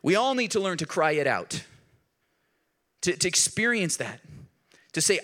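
A man preaching a sermon in a conversational, earnest way, dropping low and soft at key points and rising when he pleads. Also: sing-song, normal speed, long pauses. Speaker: pastor.

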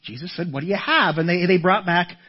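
Male pastor, middle-aged, slightly husky and high-pitched, chatty sermon storyteller, stammers into sentences, muffled lo-fi audio. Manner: storytelling with lively acted-out voices; halting, repeats words when starting a thought.

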